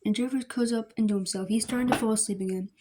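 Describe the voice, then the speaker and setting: A woman's voice: on the high side, steady tone, racing, noisy background. A woman reading her fan fiction aloud in a plain, unpolished way with small slips. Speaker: story reader.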